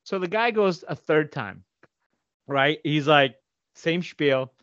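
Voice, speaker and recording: Animated swearing man telling a story. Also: a little high, takes it slowly, no echo, highs cut off. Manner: animated, swears freely, acts out quotes in voices. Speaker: podcast co-host. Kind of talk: casual storytelling chat.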